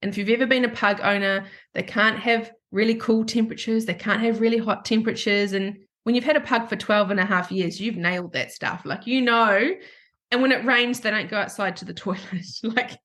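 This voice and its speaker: An Australian woman hosting a podcast, telling a personal story in an emotional, animated way and acting out the dialogue. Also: medium pitch, a little fast. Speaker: podcast host.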